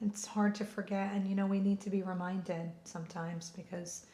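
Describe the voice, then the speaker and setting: A woman's voice: mid-range voice, flat delivery, normal speed, mellow. A woman co-hosting a podcast, speaking in an earnest, affirming way in casual chat. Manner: earnest, affirming, faith-minded. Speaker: podcast co-host. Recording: echoey room.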